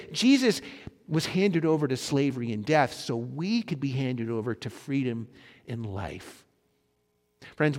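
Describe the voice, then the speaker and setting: Guy preaching a sermon, goes loud then real quiet, kinda higher voice, echoey hall. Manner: dynamic preaching, swinging between loud emphasis and soft hushed lines. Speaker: pastor. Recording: long hall reverb.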